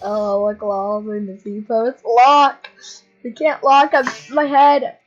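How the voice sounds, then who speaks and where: A woman's voice: medium pitch, a little slow. A woman casually commenting on her gameplay, giggling a lot and breaking into playful squeals. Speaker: gamer. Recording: dull lo-fi audio with faint game music.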